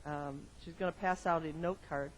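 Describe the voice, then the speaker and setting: A male pastor giving a sermon to his congregation in a church, moving from quiet reflection to loud emphatic exclamations and repeating phrases in rhythmic lists. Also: on the high side, fairly even intonation, normal speed, a little hiss or hum, rough recording. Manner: addresses the congregation directly with questions. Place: church sanctuary.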